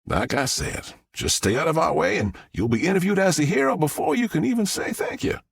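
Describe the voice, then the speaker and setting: A man's voice: fairly high pitch, expressive, brisk, creaky, breathy edge, no echo, clean studio sound, voice pushed up, exaggerated voice. A male narrator voicing a brash, confident military sergeant with a heavy Southern twang. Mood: swaggering. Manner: heavy twang, swaggering and dismissive.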